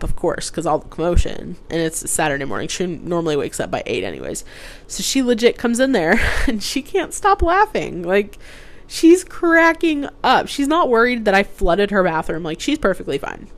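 A young woman rambling through embarrassing personal stories in casual chat, with lots of "like" and restarts. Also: on the low side. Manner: rambling, chatty, heavy use of "like". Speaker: host telling personal stories. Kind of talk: casual storytelling.

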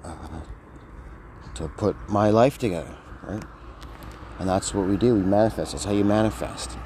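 A man's voice: fairly low pitch, normal speed, warm tone. A man talking in a rambling, slangy monologue, tossing in "dude" a lot as he vlogs. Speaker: vlogger. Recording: outdoor street noise.

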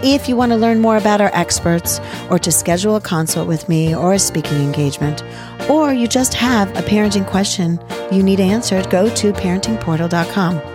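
A woman's voice: medium pitch, brisk, music in the background. Encouraging woman podcast host. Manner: warm, encouraging. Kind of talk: podcast interview and sign-off.

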